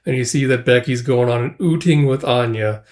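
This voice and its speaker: A man's voice: mid-range voice, normal speed, darkish tone. A man casually recapping a comic chapter aloud, loosely retelling it with frequent fillers. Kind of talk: casual chapter read-through.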